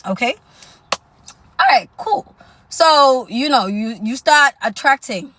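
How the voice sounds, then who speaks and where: A woman's voice: sits high, lively intonation, slow pace, fairly bright tone, slight background noise. Woman livestream host, casual coaching talk, sassy and chatty, quips at commenters. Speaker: self-improvement livestream host.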